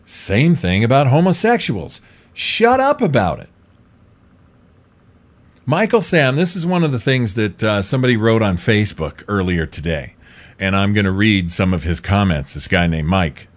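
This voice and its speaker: A middle-aged man hosting a show, delivering an opinionated commentary monologue, emphatic and repetitive, jumping from loud outbursts to low asides. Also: very animated, moderate pace. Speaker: talk show host.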